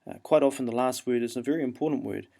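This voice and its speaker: Gravelly New Zealand man teaching. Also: medium pitch, rapid-fire. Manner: relaxed, explanatory, frequent ums and uhs. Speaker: English teacher. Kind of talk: classroom instructional talk.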